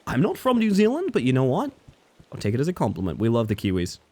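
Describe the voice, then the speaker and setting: A man's voice: mid-range voice, huge pitch swings, fast talker, warm tone. A young man from Western Australia with a Western Australian accent tinged with British, chatting playfully with viewers while gaming on a live stream.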